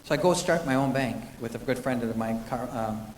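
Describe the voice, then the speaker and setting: A man's voice: mid-range voice, brisk, far from the mic, slight background noise. Earnest man telling a faith story in an echoey hall. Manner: earnest storytelling with frequent restarts. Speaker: guest sharing a testimony. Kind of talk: personal faith testimony.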